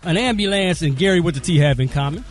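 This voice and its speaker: A man co-hosting a morning radio show, telling jokes in a playful, animated way. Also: on the high side, fast talker. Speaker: radio co-host.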